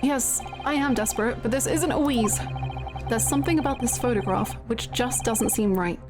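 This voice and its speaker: A woman's voice: on the high side, moderate pace, natural voice. A woman reading a flustered rookie lawyer. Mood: anxious. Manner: anxious, stammering, earnest. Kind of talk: reading game dialogue aloud. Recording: game music underneath. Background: game music.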